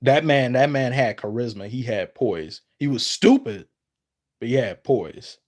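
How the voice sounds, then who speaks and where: A man chatting on a live stream, reading viewers' messages aloud and answering them off the cuff. He rambles and trails off mid-thought, then starts his sentences over. His voice springs upward whenever he gets excited. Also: measured pace. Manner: lively, pitch jumps up when excited. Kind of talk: casual live-stream chat.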